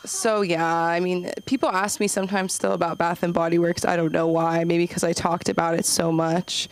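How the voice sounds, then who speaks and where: A young woman doing open mic stand-up, rambling and self-deprecating, acting out quoted voices with sudden jumps up in pitch. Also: level tone, normal speed, few pauses, slight background noise. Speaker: stand-up comedian.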